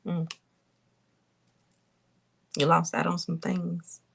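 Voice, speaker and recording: A woman giving a casual spiritual reading to her viewers, thinking aloud with drawn-out hums and pauses and talking to them in a colloquial, direct way. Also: on the low side, completely flat delivery, vocal fry, husky. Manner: colloquial, addresses viewers as y'all. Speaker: intuitive reader.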